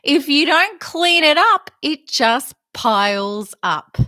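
A woman's voice: high-pitched, very animated, takes it slowly, pushed and bright, no room sound, clean studio sound. Earnest woman giving a motivational talk. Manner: earnest, emphatic, uses analogies. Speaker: self-help teacher.

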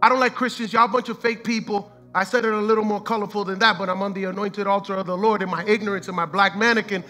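A man's voice: high voice, steady tone, quick pace, hardly any pauses, pushed and bright, soft background music. A man preaching a sermon as pastor, fervent and repetitive, mixing in street slang and the odd line of Spanish.

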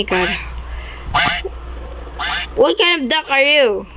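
A woman's voice: sits high, animated, slow pace, pauses often, fairly bright tone, slight background noise, poor audio. A young woman commenting on her own gameplay, easily startled, with frequent exclamations and non-native English grammar. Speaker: gaming video creator.

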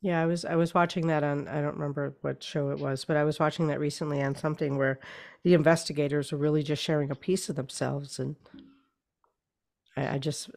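A woman author talking in a casual interview, hoarse and losing her voice, often clearing her throat and repeating words as she thinks. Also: sits low, flat delivery, a little fast, darkish tone. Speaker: author guest.

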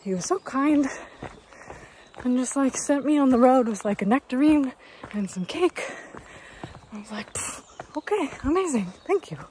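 A woman's voice: high-pitched, unhurried, pauses often, darkish tone, a little hiss or hum. A young woman from Canada chatting upbeat to her camera outdoors on a hiking trail, telling a story with lots of fillers. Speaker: hiker vlogger. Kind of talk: casual chat to camera.

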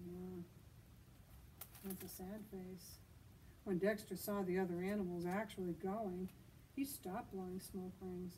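A woman librarian reading a picture book at a children's storytime, gently asking her listeners questions as she goes. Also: mid-range voice, recorded from a distance, a little hiss or hum, low-quality recording. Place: outdoors.

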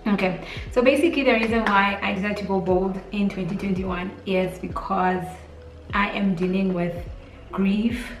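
A woman's voice: mid-range voice, steady tone, moderate pace, slight background noise. A young woman with a Namibian accent gives an intimate heart-to-heart vlog talk, emotional and close to tears, rambling with lots of "like" and "literally". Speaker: beauty vlogger. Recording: roomy echo, distant mic, faint music.

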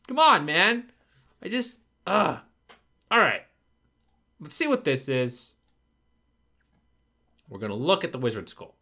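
A man narrates his own gameplay, frustrated and swearing as he mutters to himself. His pitch moves a lot, from low grumbles to sudden loud outbursts, and his tone is bright and forceful. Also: very animated, slow pace, vocal fry, long pauses. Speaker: gaming video creator. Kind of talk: gameplay commentary.

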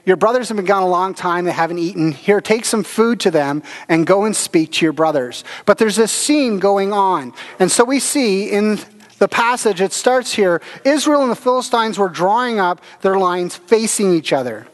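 A man with a fairly high voice preaches to his congregation in a relaxed, storytelling way. He leans on fillers and little laughs as he walks through the passage and stays friendly and conversational. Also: normal speed, big-room sound. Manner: conversational, anecdotal preaching with chuckles and filler words. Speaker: pastor. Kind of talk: sermon. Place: church service.

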